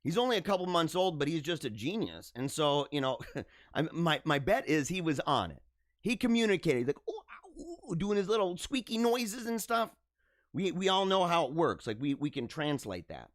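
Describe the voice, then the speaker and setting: A man hosting a live stream, chatting casually with viewers in a joking, animated way, laughing often and stumbling over his words. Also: a little high, normal speed, no room sound, clean studio sound. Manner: animated, joking, frequent laughs and stammered restarts.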